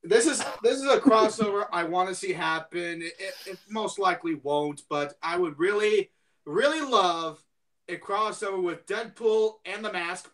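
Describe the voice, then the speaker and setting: Eager high-voiced man, a bit off-mic. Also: normal speed, fairly bright tone, distant mic. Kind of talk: casual movie chat.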